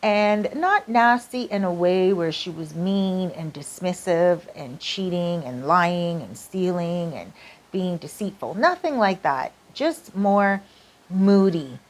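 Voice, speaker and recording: A woman's voice: lowish voice, expressive, slow pace. Chatty woman telling a storytime. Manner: chatty, lots of "like" and "you know". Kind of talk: casual storytime narration.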